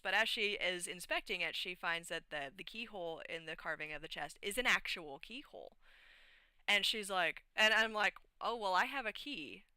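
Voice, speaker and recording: Bright-voiced woman rambling through a story. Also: mid-range voice, clear, resonant tone, no echo. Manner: animated, rambling, many fillers. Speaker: streamer. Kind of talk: casual storytelling of a tabletop game session. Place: home streaming setup.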